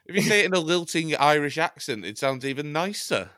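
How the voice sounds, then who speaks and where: A man from Chester co-hosts a podcast in loose, joking banter, wandering off on tangents and swearing now and then. His voice is bright and forward. The sound is dry and close, with no room in it. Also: on the high side, lively intonation, fairly quick, no room sound. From Chester, England. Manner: rambling, jokey, swears casually. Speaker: podcast co-host. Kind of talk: casual banter.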